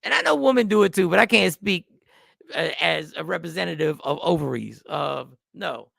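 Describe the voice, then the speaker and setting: Gravelly man hosting a talk show. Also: a little high, animated, normal speed, bright, forceful tone, no echo, studio quality. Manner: emphatic, conversational, speaks straight to viewers. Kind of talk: casual commentary.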